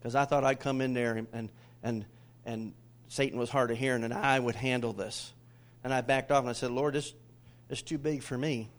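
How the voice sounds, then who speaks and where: This middle-aged man, a pastor, talks a little fast at a medium pitch as he delivers a lively sermon. Loud declarations give way to hushed asides while he invites the congregation to call and respond.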